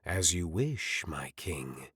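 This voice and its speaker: A man voicing a sly, obedient hooded assassin who speaks slowly and quietly. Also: very deep voice, very animated, breathy edge, dry recording, clean studio sound, pitched below the performer's own voice, exaggerated voice.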